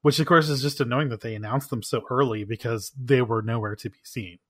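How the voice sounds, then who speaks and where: A man co-hosts a podcast, griping in a fast, animated way. The recording is dry and close, with a mid-pitched voice. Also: dry recording. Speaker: podcast co-host. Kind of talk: casual chat.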